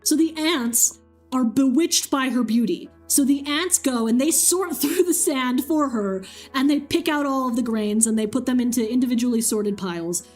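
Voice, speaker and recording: High-voiced chatty streamer woman. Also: normal speed, darkish tone, faint music behind. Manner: chatty, swears freely, many fillers. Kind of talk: casual storytelling while gaming.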